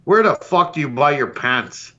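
A man's voice: a little high, very animated, moderate pace, bright, forceful tone, dull audio. A man hosting a podcast, delivering a brash, profane comedic roast rant. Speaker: podcast host.

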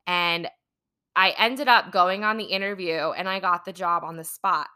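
A manifesting coach hosting her own podcast recounts something personal, speaking at a moderate pace in a fairly low, smooth voice with a sharp tone and fairly even intonation. Her telling is rambling and chatty, full of "like" and "you know."

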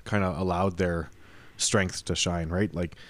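A man co-hosting a podcast, reminiscing in relaxed casual chat with many fillers. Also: deep voice, unhurried, no room sound. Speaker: podcast co-host.

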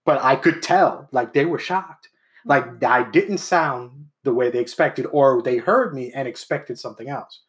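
A man's voice: medium pitch, a little slow. A man in casual conversation who tells stories from his own life and acts out the voices of the people he quotes. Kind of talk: casual chat.

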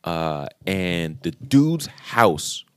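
This podcast co-host, a man in his thirties from the New York area, has a low, smooth voice that draws out words, recorded cleanly in a studio with no echo. He tells a long, animated story in a casual chat, swearing and acting out quotes.

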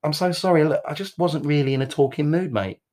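A man's voice: a little high, a little fast, a little mellow, natural voice. A man doing a sheepish talking dog. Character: apologetic talking dog, male.

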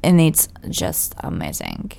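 A woman's voice: a bass voice, huge pitch swings, takes it slowly, creaky, mellow. A woman, co-hosting a podcast in casual chat, talkative and self-deprecating, restarting her sentences often. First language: Italian. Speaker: podcast co-host.

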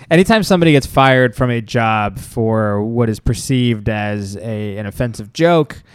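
A man's voice: mid-range voice, animated, a little slow, smooth, dry recording, clean studio sound. A man co-hosting a casual podcast, blunt and opinionated, swearing freely. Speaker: podcast co-host. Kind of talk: casual chat.

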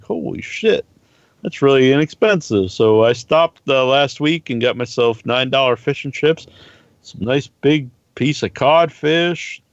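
A man's voice: on the high side, smooth, no room sound. A man on a podcast, chatting casually and telling long, rambling stories with plenty of swearing. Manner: rambling storyteller, swears freely. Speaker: podcast co-host. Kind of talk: casual chat. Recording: slightly dull, dry recording.

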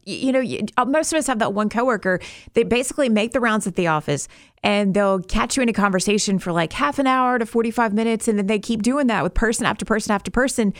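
A woman's voice: on the high side, fast, dry recording, studio quality. A woman hosting a morning radio show, chatty and emphatic, laughing easily as she talks.

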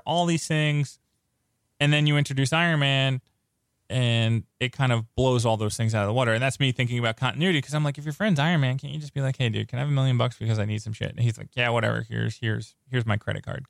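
A man co-hosting a podcast, chatting casually and excitedly about a superhero movie, rambling with many restarts. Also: medium pitch, clean tone, no room sound, studio quality. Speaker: podcast co-host. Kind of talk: casual movie review chat.

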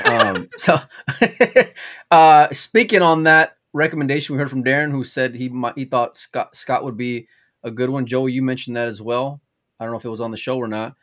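A man hosting a casual talk show, talking in a relaxed way with many fillers and some teasing. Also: mid-range voice. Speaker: podcast host. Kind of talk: casual chat.

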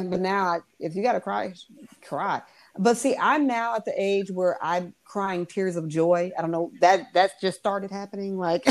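Woman with a lowish voice on a podcast, relaxed, laughs a lot, lots of ums. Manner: relaxed, laughs easily, trails off into fillers. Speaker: podcast co-host. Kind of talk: casual chat.

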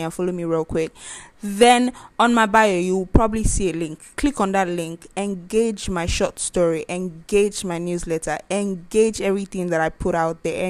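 A young woman in her twenties from Nigeria, a podcast host doing a quick, insistent spoken plug for her social media. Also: medium pitch, no echo. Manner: urgent, insistent. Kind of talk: quick spoken self-promo.

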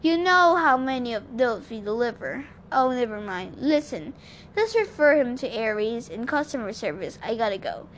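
Hermes, a woman doing a breezy, relaxed male god. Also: on the high side, normal speed, slight background noise. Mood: easygoing. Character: calm, easygoing male god disguised as a jogger.

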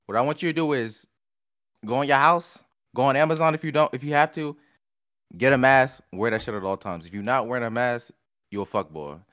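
A man's voice: mid-range voice, brisk, clean tone. A young man hosting a podcast in casual, profane, hyped-up banter. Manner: loud, profane, hype. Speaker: podcast host.

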